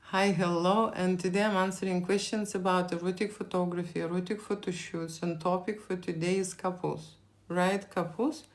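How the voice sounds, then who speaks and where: A woman's voice: fairly low pitch, steady tone, moderate pace. A woman from Lithuania with a Lithuanian accent, chatting on a live stream, rambling and repeating herself as she answers viewer questions. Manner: rambling, repeats words, frequent fillers.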